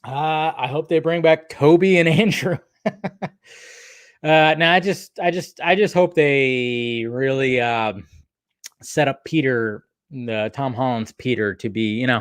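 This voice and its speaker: A man's voice: medium pitch, measured pace, clean tone, dry recording, studio quality. A man hosting a casual film chat, rambling with many fillers, restarts and swearing. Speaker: film commentary host.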